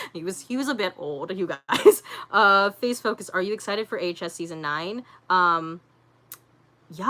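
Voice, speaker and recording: A woman hosts a relaxed livestream and reads out her viewers' comments. Her voice is bright and forward while sitting a touch low in pitch. She rambles easily, leaning on fillers and laughing often. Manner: chatty and rambling, full of fillers like "um" and "like". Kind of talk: casual livestream chat.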